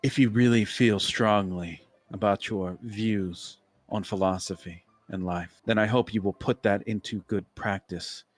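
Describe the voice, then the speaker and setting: A man's voice: on the low side, fairly even intonation, dry recording, lightly acted. A man doing a cold, formal bartender. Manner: formal, measured, lecturing. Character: cold, imposing philosophical male bartender.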